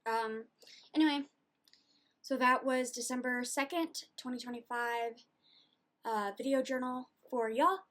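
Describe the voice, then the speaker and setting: High-pitched teen girl venting in her video diary, fired up and talky. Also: unhurried, long pauses. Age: late teens. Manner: animated, indignant ranting with quoted retorts. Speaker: video journal vlogger. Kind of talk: casual ranting vlog.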